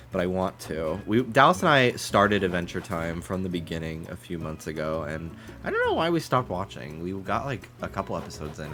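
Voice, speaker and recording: Deep-voiced guy streaming a game, stuffy nose, rambly chatty talk, faint music behind. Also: fairly bright tone. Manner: rambling, chatty, swears freely. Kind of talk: casual chat while streaming a game.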